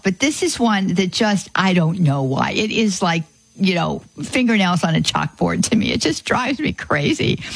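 A woman's voice: mid-range voice, no echo, poor audio. A middle-aged woman hosting a live call-in radio show, chatty and friendly, often repeating the phone number. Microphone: studio microphone.

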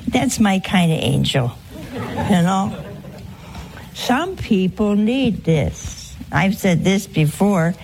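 A woman preacher with a gravelly, rough-edged voice. She speaks slowly and deliberately, teasing her audience with rhetorical questions and chuckling often. A faint hiss of noise runs underneath. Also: fairly low pitch, lively intonation, darkish tone. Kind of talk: humorous sermon.

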